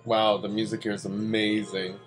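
A man's voice: on the low side, little pitch movement, normal speed. A young man hosting a reaction video, chatting in a casual, slangy, laid-back way. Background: film audio and music.

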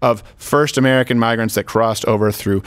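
A man's voice: medium pitch, fairly quick. A man in his thirties hosting a talk show, delivering opinionated comedic commentary with sarcasm and acted-out asides. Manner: animated, sarcastic, acts out quoted voices. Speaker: show host.

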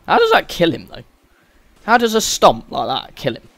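Male let's-play host, slightly high voice, sweary and exasperated, dry close sound. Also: very animated, moderate pace, fairly bright tone, no echo. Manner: sweary, exasperated running commentary. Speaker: gaming channel host. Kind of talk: let's-play game commentary.

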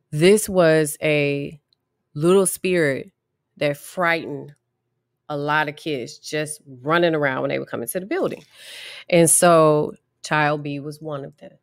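Low-voiced woman telling a story. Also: dry recording, studio quality. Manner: animated, acts out quoted voices with big pitch jumps. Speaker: podcast host and therapist. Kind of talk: casual storytelling monologue.

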